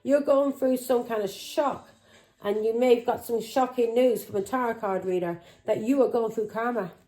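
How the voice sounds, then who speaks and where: A woman's voice: on the high side, moderate pace, mellow, low-quality recording. Angry woman tarot reader. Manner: angry, accusing, swearing, with taunting questions. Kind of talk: tarot reading vlog.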